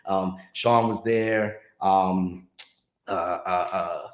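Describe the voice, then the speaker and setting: A middle-aged man tells an anecdote in a relaxed interview chat. He switches into voices to act out the people in the story. His voice carries a clear echo from the room. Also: sits low, extremely slow. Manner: animated storyteller acting out quotes. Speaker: music industry guest telling stories.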